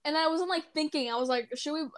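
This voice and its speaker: High-voiced, stuttering teenage girl. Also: a little fast. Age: teens. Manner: nervous, stutters, filler-heavy. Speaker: podcast co-host. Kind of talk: casual chat.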